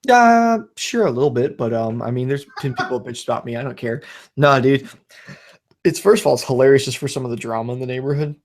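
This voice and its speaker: A man's voice: mid-range voice, animated, fairly quick. A man in his thirties hosting a casual chat, rambling and swearing, laughing through his own stories. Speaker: channel host.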